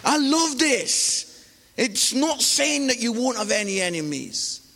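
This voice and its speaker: Male preacher, high and lively, animated sermon delivery, long hall reverb. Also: slow pace, creaky, a little hiss or hum. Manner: animated, exclamatory, mimics voices in stories. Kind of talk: sermon with storytelling.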